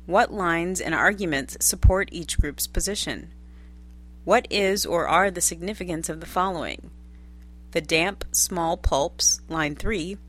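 A woman reading a scripted literature lesson in a measured way, posing study questions one after another. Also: fairly low pitch. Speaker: lecturer reading course text.

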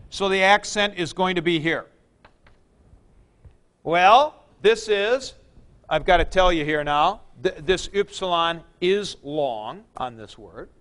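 A man teaching a class, asking questions and answering them himself, often clearing his throat. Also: high-pitched, fairly bright tone. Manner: uses sports comparisons and jokes. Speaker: Greek teacher. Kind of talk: classroom lecture.

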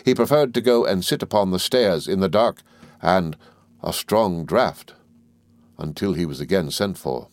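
A man narrating a classic novel as an audiobook reader in a measured, even delivery. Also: low voice, no echo.

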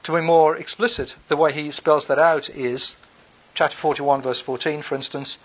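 Male lecturer, slightly high voice, reads verses then explains them casually, lots of fillers. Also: steady tone, normal speed, husky. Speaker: bible lecturer. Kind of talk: unscripted lecture with scripture readings.

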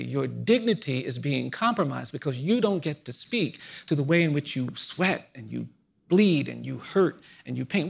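Male speaker, fifties, gravelly and husky, reflective storyteller, measured and earnest. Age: 50s. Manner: earnest, measured, drops to a hushed low voice in stories. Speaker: guest speaker.

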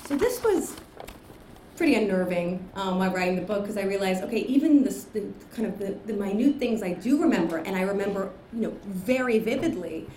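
A woman's voice: medium pitch, lively intonation, a little fast, warm tone, a little hiss or hum. Woman reading her memoir in a roomy hall. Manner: hesitant, many fillers and restarts between readings. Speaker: author speaking at grand rounds. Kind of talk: reading aloud from her memoir with talk between. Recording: roomy echo.

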